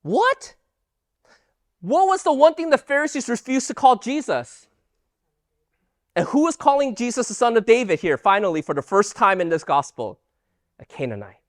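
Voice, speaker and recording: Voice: mid-range voice, moderate pace, pauses often, no room sound, clean studio sound. A Bible teacher giving an emphatic lesson and firing rhetorical questions at the audience. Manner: animated, emphatic delivery.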